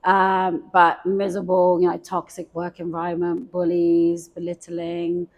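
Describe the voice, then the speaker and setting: A woman's voice: lowish voice, monotone, unhurried, highs cut off. A middle-aged woman, a guest coach, telling her story in casual, candid chat, self-mocking and lightly swearing.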